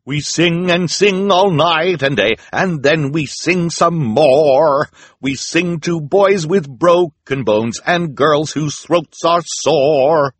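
A man singing the song of a chorus of cheerful hospital volunteers in a loud, slow, sing-song voice, for an audiobook. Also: a little high, slightly rough, no echo, pitched above the performer's own voice. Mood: chirpy singing.

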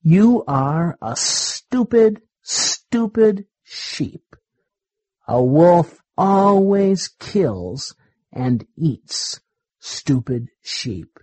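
Man voicing a scheming storybook wolf, slow and husky, lively pitch. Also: exaggerated voice. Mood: menacing. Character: hungry treacherous male wolf.

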